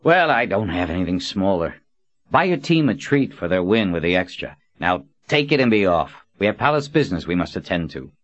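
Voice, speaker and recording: A man voicing a self-conscious, kindly soldier captain with gruff, awkward warmth in an audiobook. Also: sits low, big pitch swings, fairly quick, no room sound, dull audio. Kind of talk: audiobook character voice.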